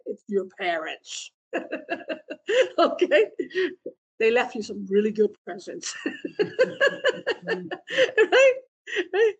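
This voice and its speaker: A woman's voice: a little high, husky. A woman giving a dharma talk, playful, laughing often and asking questions of her listeners. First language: Vietnamese. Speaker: meditation teacher and therapist.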